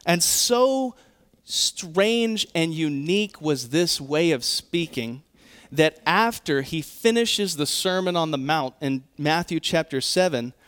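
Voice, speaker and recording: A man pastor preaching a sermon, earnest and emphatic, often quoting scripture and pausing to correct himself. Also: on the high side, lively intonation, fairly bright tone, smooth.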